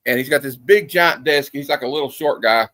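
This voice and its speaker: A man's voice: mid-range voice, a little fast, sharp tone, no echo. A man hosting a casual movie review, telling a story in a loose, rambling way full of fillers and restarts. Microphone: streaming setup.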